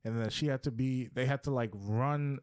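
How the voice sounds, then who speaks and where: A young man from Africa chats on a podcast, retelling stories with lively energy and casual slang. His voice sits at a plain middle pitch for a man. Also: moderate pace, clear, resonant tone. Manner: animated storyteller, slangy ("dog", "man"). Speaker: podcast co-host. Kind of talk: casual chat.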